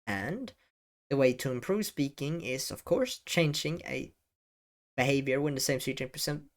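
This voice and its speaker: Deliberate, pausing male video creator. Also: mid-range voice, lively intonation. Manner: deliberate, pauses often and stresses key words, casual swearing. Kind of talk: talking-head advice video. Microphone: desk microphone, seated at camera.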